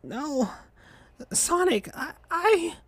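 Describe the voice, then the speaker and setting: A man's voice: very high voice, very animated, extremely slow, dry recording, studio quality, pitched above the performer's own voice, heavily acted. A man voicing a weak, exhausted teenage girl who speaks faintly and breathily. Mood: feeble.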